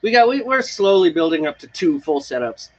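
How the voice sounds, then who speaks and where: Very animated and fairly quick, a man with a fairly high pitch co-hosts a homebrewing stream outdoors on a front porch patio. He chats casually, rambles and laughs a lot, and the audio is dull.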